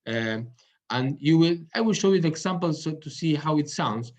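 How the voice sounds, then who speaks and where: A man teaching a tango music lesson. He pauses often to find his words and sings rhythm patterns out loud with syllables. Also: a little high, expressive. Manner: halting, searching for words. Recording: dull lo-fi sound.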